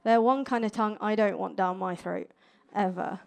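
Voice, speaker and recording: A woman's voice: medium pitch, vocal fry. A young woman doing a playful, cheeky stand-up comedy set on stage before a live audience. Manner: playful, cheeky, quick with jokes.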